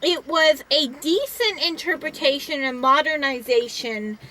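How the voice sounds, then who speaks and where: A woman's voice: high-pitched, unhurried, bright, forceful tone, slight background noise. A woman chatting casually about a movie in a car, adding facts and correcting her co-host. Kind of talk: casual movie review chat. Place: inside a car.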